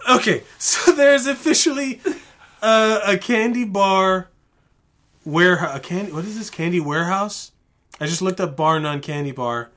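A man's voice: sits high, expressive, normal speed, a bit bright. A man co-hosting a casual podcast chat, laid-back, often laughing and swearing. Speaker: podcast co-host.

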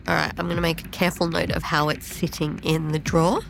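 A woman playing in a tabletop role-playing game, playful and excitable. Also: low voice, fast, gravelly, a little hiss or hum. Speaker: player.

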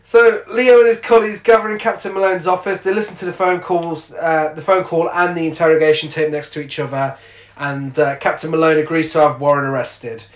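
A man's voice: on the high side, fairly even intonation, brisk, reverberant. A man, casually recapping a film's plot on a podcast and laughing often. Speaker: podcast co-host. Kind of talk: casual film recap chat.

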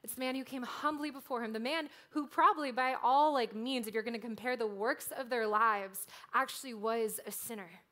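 A woman delivers a sermon in a relaxed, chatty manner, peppering her points with "like" as she talks them through. Her voice sits a little higher than most women's. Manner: conversational, frequent "like" fillers. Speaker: preacher.

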